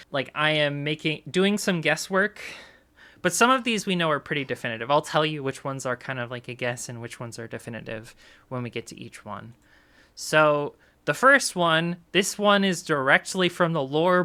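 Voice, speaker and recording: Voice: medium pitch, pushed and bright, smooth. A video creator chatting casually through a game lore breakdown, speculating aloud with lots of filler words.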